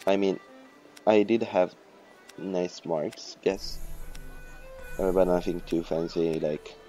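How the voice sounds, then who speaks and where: A man rambling through casual game commentary, swearing and joking at himself, his voice hoarse. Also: low-pitched, steady tone, slow pace, warm tone, soft background music. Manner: rambling, profane, self-mocking. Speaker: let's play host.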